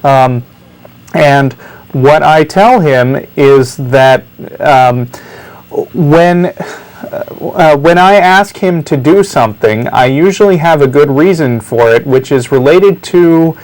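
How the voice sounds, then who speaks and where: A man co-hosting a call-in show, explaining his views in a thoughtful, hesitant way with many pauses and restarts. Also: on the high side, darkish tone, low-quality recording. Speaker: co-host.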